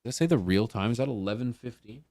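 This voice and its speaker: A man's voice: mid-range voice, fast talker, a little mellow, no echo, clean studio sound. A man hosting a casual livestream, laughing and muttering to himself as he sorts out his monitors. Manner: laughing, muttering to himself while fixing tech. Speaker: livestream host.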